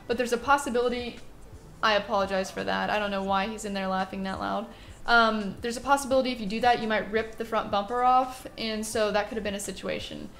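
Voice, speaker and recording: A young woman vlogger telling a story to camera in a chatty, self-deprecating, animated way. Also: a little high, brisk.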